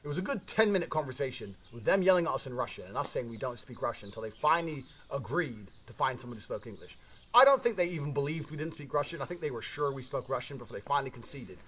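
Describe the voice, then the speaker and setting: A man's voice: mid-range voice, sing-song, fast talker, fairly bright tone. A man telling a story in a casual monologue, brash and swearing constantly.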